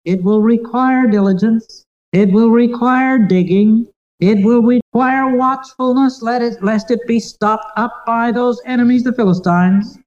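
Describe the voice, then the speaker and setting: With earnest tenderness, a preacher delivers a sermon, dwelling slowly and deliberately on key phrases. His voice is middling in pitch and a little mellow, and the recording sounds somewhat dull and muffled.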